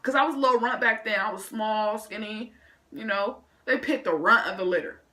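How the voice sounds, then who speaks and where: A woman vlogger tells a school story in a casual, animated, slangy style. She adds her own vocal sound effects along the way. Her voice is bright and forceful, set at a middle pitch. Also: fairly quick.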